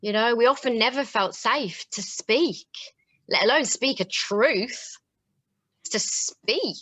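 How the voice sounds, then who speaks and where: A woman on a video call speaking thoughtfully, pausing and searching for her words. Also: a little high, lively intonation, bright, forceful tone, dry recording. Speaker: panel guest. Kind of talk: casual conversation on a video call.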